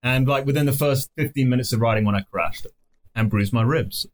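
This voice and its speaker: A man's voice: medium pitch, a little fast, slight background noise. Young guy from mexico on a podcast, swears nonstop, rambly stories, normal mid voice. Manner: swears constantly, rambling anecdotes. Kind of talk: casual podcast chat.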